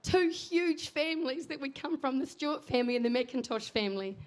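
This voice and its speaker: A woman's voice: high-pitched, expressive, fairly quick. A middle-aged woman hosting a family memorial service in a church, talking in a chatty, rambling way and laughing between asides.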